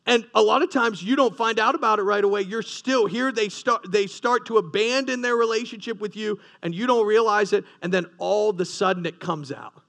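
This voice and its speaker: A man's voice: high voice, a little fast, vocal fry, few pauses, fairly bright tone. A man preaching a sermon, earnest, with rising emphasis and frequent restarts. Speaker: pastor.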